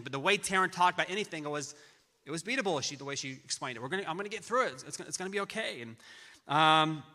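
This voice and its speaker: Middle-aged guy giving a tribute at church, lots of restarts, super bright tone, long hall reverb. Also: on the high side. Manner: halting storytelling with many restarts. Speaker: friend giving a memorial tribute. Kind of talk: personal tribute speech. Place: large church auditorium.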